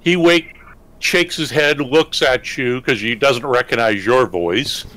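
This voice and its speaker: A man narrating his character's actions in a tabletop game, in an expressive way. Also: medium pitch, slow. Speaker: player voicing a character.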